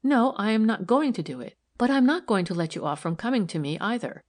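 A woman voicing a keen, firm probation worker who speaks in crisp, correct sentences, in a storybook reading. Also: a little high, big pitch swings, fairly quick, pitched above the performer's own voice.

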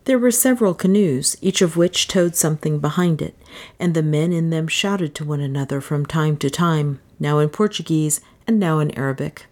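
A woman narrating an old adventure novel in a measured, steady storytelling voice. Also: sits low. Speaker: audiobook narrator. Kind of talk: scripted narration.

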